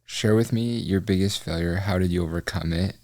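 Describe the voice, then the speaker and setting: A low-pitched man hosting a podcast, recorded close and dry with no room sound. He asks questions casually and keeps answering his guest with short, enthusiastic affirmations. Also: brisk, darkish tone, no echo. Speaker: podcast host. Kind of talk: casual interview talk.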